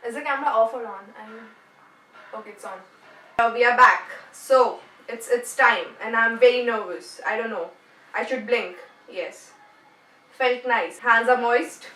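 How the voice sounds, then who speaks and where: A woman's voice: fairly high pitch, unhurried, bright, forceful tone. A young woman with an Indian accent, chatting playfully to camera as a YouTuber and mixing in Hindi words. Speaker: YouTuber announcing a giveaway winner. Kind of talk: casual vlog talk to camera. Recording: echoey room, camera at a distance.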